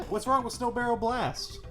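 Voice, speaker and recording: A man's voice: extremely high pitch, unhurried, faint music behind. Jokey young man chatting about games. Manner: jokey, lively, laughs often. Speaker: podcast co-host. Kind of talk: casual gaming chat.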